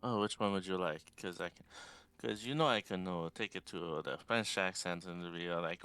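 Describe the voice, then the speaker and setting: A man playing his character in a tabletop role-play, speaking in a slow, measured, suave way. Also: deep voice, bright, forceful tone, clear, resonant tone, dry recording. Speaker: player.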